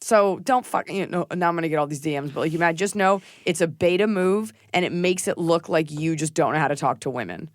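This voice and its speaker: A woman's voice: low voice, brisk, few pauses, dry recording, studio quality. A woman comedian hosting a podcast, telling stories in casual chat, blunt and profane, acting out the people she quotes. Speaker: podcast host and stand-up comedian.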